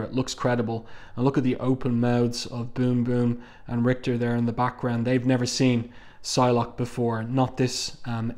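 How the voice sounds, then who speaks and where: A man's voice: medium pitch, darkish tone. Thoughtful man reviewing comic art. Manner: measured, thoughtful, frequent "um" fillers.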